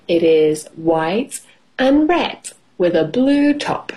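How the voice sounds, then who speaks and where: Woman teacher on radio, storytime lesson, slow, clear, very animated. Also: on the low side. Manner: slow, clear and encouraging, praising answers. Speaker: English teacher. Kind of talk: reading a children's story aloud with questions for learners. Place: radio studio.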